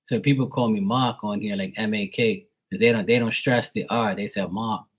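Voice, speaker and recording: With a fairly low, breathy-edged voice and fairly even intonation, a young live tarot reader from Bermuda talks fairly quickly. He rambles casually on stream, full of fillers and repeated words, with a mild Bermudian accent.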